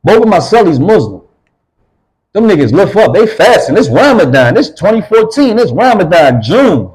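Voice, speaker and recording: A man's voice: sits high, big pitch swings, normal speed, a little mellow, slightly rough, rough recording. A middle-aged man, an interview guest, telling a rambling, profane story in casual talk. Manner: profane, rambling, acts out others' voices.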